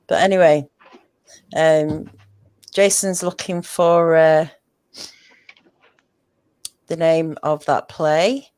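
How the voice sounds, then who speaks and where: A woman's voice: fairly low pitch, darkish tone, no echo. A woman hosting a casual chat show, talking in a rambling, chatty way. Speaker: podcast host.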